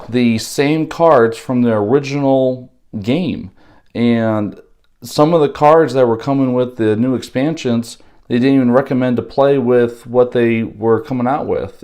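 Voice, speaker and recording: A man with a slightly hoarse voice gives a casual, halting unboxing walkthrough, pausing often with fillers. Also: mid-range voice, darkish tone. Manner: unhurried, halting, with many pauses and fillers. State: slightly hoarse from losing his voice. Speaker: board game unboxing host.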